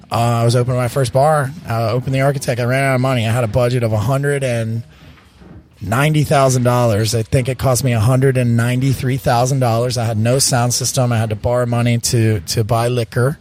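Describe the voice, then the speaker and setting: A man's voice: mid-range voice, darkish tone. A man from North Carolina telling stories as an interview guest, rambling and repeating words with "you know" and "man.". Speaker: bar owner, interview guest. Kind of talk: casual storytelling interview.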